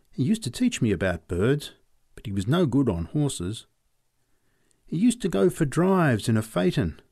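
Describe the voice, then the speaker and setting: A man reading short stories aloud in a measured storytelling manner. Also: gravelly, husky, no room sound, clean studio sound. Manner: measured storytelling, lively pitch. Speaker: reader. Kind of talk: audiobook narration.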